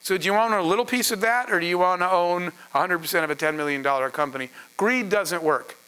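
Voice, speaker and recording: A man's voice: sits high, fast, pushed and bright, clear, resonant tone. A man, a startup founder, telling a story to an audience in an earnest, conversational way with asides to the crowd. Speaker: startup founder speaking on a panel.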